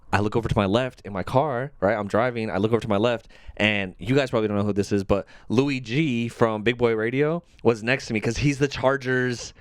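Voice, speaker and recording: A man's voice: medium pitch, no echo, clean studio sound. Swearing young man telling stories casually. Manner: loose storytelling, heavy swearing and filler words. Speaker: podcast co-host. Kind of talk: casual chat.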